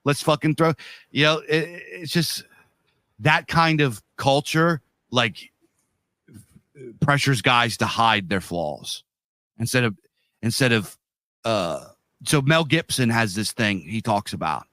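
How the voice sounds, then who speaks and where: A man's voice: mid-range voice, animated, takes it slowly, pauses often, pushed and bright, dry recording. Blunt, profane man on a podcast. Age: 30s to 40s. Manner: blunt, profane, emphatic, street slang. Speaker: podcast co-host. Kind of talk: casual podcast chat.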